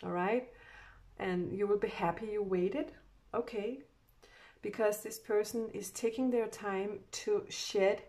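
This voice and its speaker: A woman giving a casual spiritual card reading, meandering along with frequent soft laughs. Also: mid-range voice. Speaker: oracle card reader.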